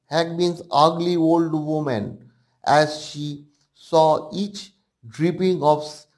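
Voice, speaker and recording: Slow-reading man teacher with an Indian English accent. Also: a little high, darkish tone. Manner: slow, halting reading with restarts and glosses. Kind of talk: reading a story aloud to a class, explaining words. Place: home, online class.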